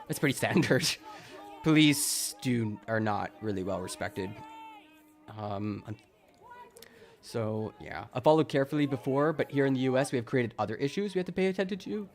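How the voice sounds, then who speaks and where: A man's voice: medium pitch, expressive, moderate pace, some chatter behind. A man from Wisconsin livestreaming, joking sarcastically, laughing a lot and chatting with his viewers. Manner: jokey, sarcastic, laughs often, chats with viewers. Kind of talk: casual livestream commentary.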